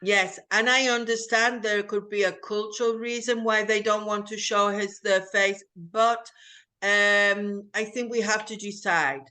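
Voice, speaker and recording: A woman from England, a teacher chatting slowly and carefully over a video call. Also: mid-range voice, fairly even intonation, pushed and bright. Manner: slow, careful, explanatory. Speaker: English teacher, host. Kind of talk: casual conversation on a video call.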